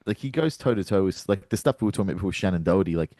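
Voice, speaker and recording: A low-voiced man co-hosting a casual podcast chat. He is animated and acts out quotes with sudden jumps up in pitch. The sound is dry and close, with no room echo. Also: racing. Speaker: podcast co-host.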